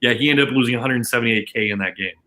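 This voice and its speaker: Bright-voiced man telling a poker story. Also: mid-range voice, very fast, poor audio. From Canada. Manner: animated anecdote telling with many restarts and quoted dialogue. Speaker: casino dealer, podcast guest. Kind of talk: casual storytelling chat.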